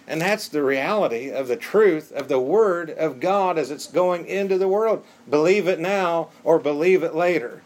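A man's voice: a little high, moderate pace, few pauses, a little mellow. A man preaching a sermon as pastor, with an earnest, pleading emphasis and strings of rhetorical questions.

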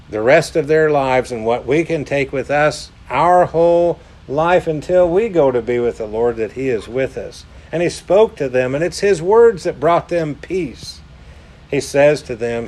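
A male pastor preaching a sermon, slow and emphatic, rising into fervent exhortations. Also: fairly high pitch, a little mellow.

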